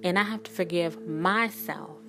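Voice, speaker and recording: In candid spiritual vlog talk, a thirties-aged energy worker and spiritual reader rambles bluntly and emphatically, swearing freely and restarting often with plenty of "like." Her voice is lowish and her pace moderate.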